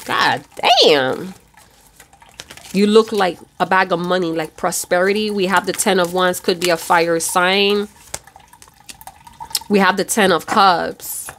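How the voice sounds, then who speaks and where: A woman's voice: fairly low pitch, steady tone, measured pace, a bit bright, slight background noise. A woman giving a casual tarot reading, chatty and loose, with casual swearing. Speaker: tarot reader.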